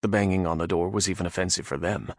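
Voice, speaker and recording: A man narrating a fantasy audiobook with lively storytelling delivery. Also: sits low, quick pace, dry recording, studio quality.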